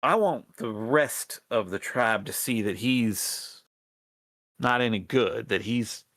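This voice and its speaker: A man plays an earnest female rat rebel who asks a band of strangers for help, her folksy speech halting and full of false starts. Her voice sits at an ordinary pitch and is recorded dry and close, with no room sound. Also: a bit bright, no room sound. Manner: halting, hesitant, folksy drawl with many restarts. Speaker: game master. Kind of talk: in-character role-play in a tabletop game.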